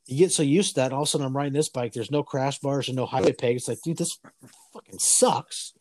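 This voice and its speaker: A man's voice: medium pitch, fairly even intonation, rapid-fire, darkish tone, no room sound. A man in his forties hosting a casual chat, telling stories in a loose, profane way and acting out the voices of people he quotes. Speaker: podcast host.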